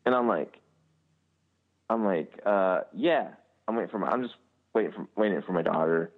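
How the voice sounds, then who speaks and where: A man in his thirties hosting a podcast, telling a lively family anecdote. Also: sits low, moderate pace, long pauses. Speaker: podcast host. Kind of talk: casual chat. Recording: tinny phone-line sound.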